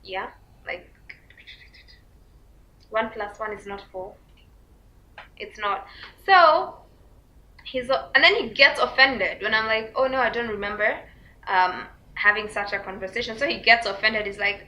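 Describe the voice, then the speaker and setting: A young woman telling a storytime to her vlog viewers, full of fillers and likes, acting out quotes in a high squeaky voice. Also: measured pace, pauses often, pushed and bright. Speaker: vlogger. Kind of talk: casual storytime chat. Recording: dull lo-fi recording.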